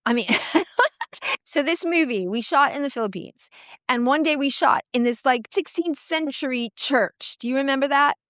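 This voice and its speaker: A middle-aged woman with a high voice hosts a loose, casual conversation. She tells bawdy, profane stories with plenty of laughter. The sound is dry, with no room echo. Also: moderate pace, a bit bright. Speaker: podcast host. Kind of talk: casual chat.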